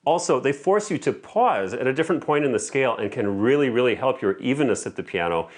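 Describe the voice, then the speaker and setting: A man teaching piano, explaining practice methods in a clear, methodical way and calling out rhythm examples. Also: medium pitch, lively intonation, quick pace. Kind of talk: instructional lesson. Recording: faint piano music in background. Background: piano playing between explanations.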